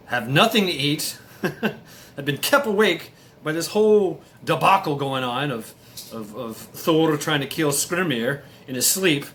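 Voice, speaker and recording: Male storyteller, casual, rambling, hesitant, slightly high pitch. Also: fairly bright tone, slight background noise. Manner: rambling, hesitant, many fillers and restarts. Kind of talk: casual myth retelling.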